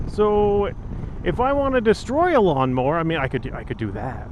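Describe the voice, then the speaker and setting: A man in his thirties talks to the camera from his motorcycle, telling a story in a chatty, rambling way full of fillers. His voice sits a little high. Wind and road noise roar around the helmet mic. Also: normal speed, darkish tone. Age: 30s. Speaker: motovlogger. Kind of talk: casual storytelling vlog. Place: outdoors on a windy road, riding a motorcycle. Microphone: helmet-mounted action camera mic. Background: wind and engine noise.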